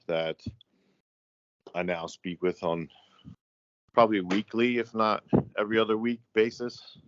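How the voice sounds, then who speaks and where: An American man talking as a guest in a casual chat, halting and rambling with many fillers. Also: fairly low pitch, a little hiss or hum. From United States. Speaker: guest, tattoo artist. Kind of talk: casual conversation. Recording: dry, dull lo-fi audio.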